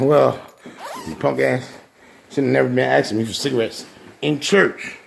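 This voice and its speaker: A man's voice: medium pitch, moderate pace, vocal fry, long pauses, breathy edge. A man giving a casual, rambling monologue while showing off his new room, boastful and full of joking trash talk.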